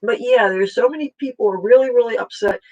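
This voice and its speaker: A political vlogger talking casually at home in a rambling, halting way with many fillers and restarts. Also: mid-range voice, rough recording.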